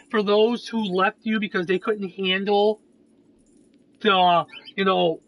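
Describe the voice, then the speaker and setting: A gameplay video creator talks casually while playing a game, earnest and reassuring but swearing plenty. His voice sits high, and the recording is rough.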